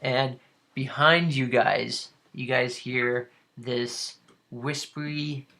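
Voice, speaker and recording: A man narrating as dungeon master, halting with many fillers. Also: medium pitch, fairly even intonation, vocal fry, bright, forceful tone. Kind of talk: narrating a tabletop game.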